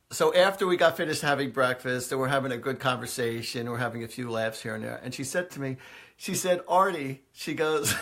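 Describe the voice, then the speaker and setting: A man's voice: medium pitch, vocal fry, fairly bright tone. Man, live-stream host, casual storytelling, chatty, many fillers, frequent laughter. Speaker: psychic medium hosting a live stream. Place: indoors, live video stream.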